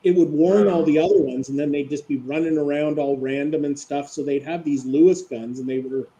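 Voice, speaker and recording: A man's voice: a little high, steady tone, brisk, mellow, highs cut off. Chatty man in casual group chat. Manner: chatty, leans on "right?" and "like".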